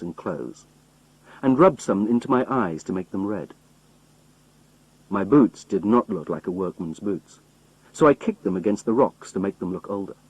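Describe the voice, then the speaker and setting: Husky man, measured storyteller, lively pitch, dry close sound. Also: no room sound, poor audio. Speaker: narrator. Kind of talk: reading a simplified novel aloud.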